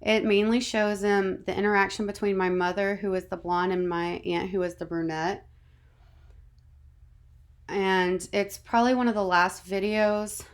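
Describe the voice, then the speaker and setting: A woman in her thirties from North Carolina, narrating a slide presentation as a student presenter in a measured, read-from-script way. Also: mid-range voice, steady tone. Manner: measured, reading a prepared script.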